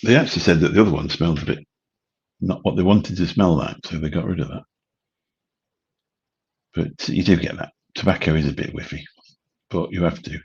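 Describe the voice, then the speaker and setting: A man's voice: deep voice, fairly quick, gravelly, long pauses, darkish tone, husky, lo-fi sound. A man, rambling casually as host of a late-night livestream chat. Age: 50s. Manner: rambling, chatty, swears casually. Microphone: studio mic through a mixer.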